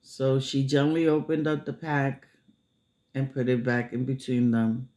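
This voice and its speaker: A man telling a story casually, unhurried, with many filler pauses. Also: mid-range voice, little pitch movement, a little mellow.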